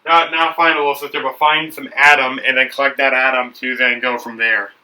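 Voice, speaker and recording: A man's voice: medium pitch, flat delivery, a little fast, pushed and bright, recorded from a distance, low-quality recording. A young man hosting a building video, chatting casually and rambling with frequent restarts and self-corrections. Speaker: brick builder and video host. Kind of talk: casual talk while building.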